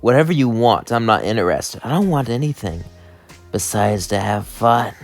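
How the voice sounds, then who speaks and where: A man's voice: mid-range voice, sing-song, moderate pace, gravelly, faint music behind. A man voicing a blunt female demon overlord with a curt, dismissive delivery.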